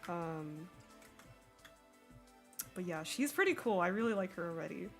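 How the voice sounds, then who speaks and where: A young woman with an American accent, chatting with her live-stream audience while she draws, bubbly and quick to laugh. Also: lowish voice, expressive, faint music behind. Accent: General American. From Sweden. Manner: bubbly, giggly, reads chat aloud. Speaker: artist streamer.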